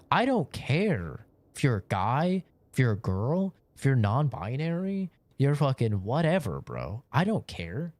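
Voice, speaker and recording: A man's voice: mid-range voice, darkish tone, dry recording. A man streaming a game who chats casually, rambling and swearing often. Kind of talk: casual chat while gaming.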